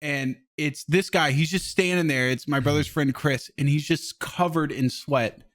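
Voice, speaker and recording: Chuckling young man, slightly high voice. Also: moderate pace, a bit bright. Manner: teasing, chuckling anecdote teller. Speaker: podcast co-host. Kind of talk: casual chat.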